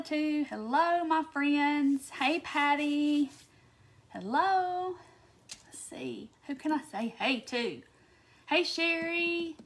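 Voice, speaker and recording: A woman hosts a live craft session. She chats easily in a high voice and greets each viewer by name as she preps her project. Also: a bit bright. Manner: chatty, greets viewers one by one. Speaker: craft livestream host. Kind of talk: casual livestream chat.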